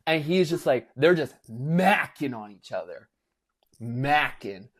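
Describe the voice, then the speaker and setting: Animated young man telling a story. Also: on the high side, slow pace. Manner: animated storyteller, acts out quotes, lots of "like". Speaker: podcast co-host. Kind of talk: casual chat.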